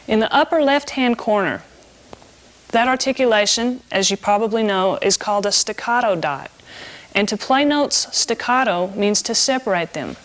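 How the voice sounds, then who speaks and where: A woman of middle age walks students through a saxophone lesson with clear, patient explanation. Her voice sits at a mid pitch for a woman, and she speaks in a steady instructional tone. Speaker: saxophone teacher.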